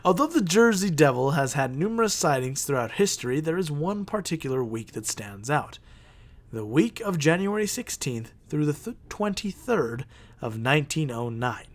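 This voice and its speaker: A man's voice: a little high, sing-song, normal speed. A man hosting a podcast, reading out legends and bantering with casual swearing and frequent laughs. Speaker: podcast host.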